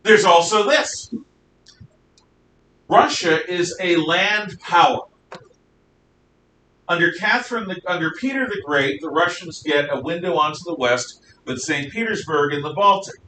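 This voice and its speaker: Speaking at a moderate pace with a sharp tone, the man teaches history in a meandering lecture full of fillers and self-corrections. The room echoes, the mic sits far off, and a faint rumble can be heard.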